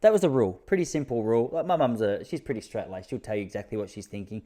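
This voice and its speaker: Aussie bloke podcasting solo, warm mellow tone, easygoing yarn-telling. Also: male voice, fast talker. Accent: Australian. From Australia. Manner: laid-back, self-mocking, jumps to high-pitched disbelief when telling jokes. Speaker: podcast host. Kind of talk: casual storytelling monologue.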